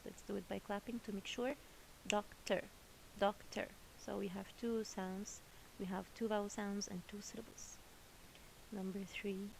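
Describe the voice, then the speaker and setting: Teacher lady going real slow over her words, bit of gravel in the voice, faint hiss behind. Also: mid-range voice, a little mellow, rough recording. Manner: slow, patient, repeats each word twice. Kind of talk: English phonics lesson for children.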